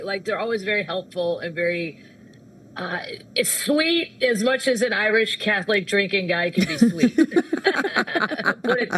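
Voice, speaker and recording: A woman comedian talking in a loose, rambling way, tossing in quick asides as she goes. She sits at a middling pitch, with a faint hum of the room underneath her voice. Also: lively intonation, a bit bright, low-quality recording. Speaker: guest comedian. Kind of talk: casual chat.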